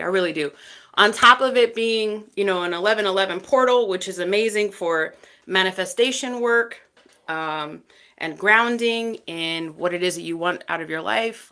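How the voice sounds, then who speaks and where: A woman from Texas hosting a tarot livestream, chatting casually and thanking viewers by name as they join. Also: medium pitch. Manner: chatty, warm thanks to each viewer by name, frequent fillers.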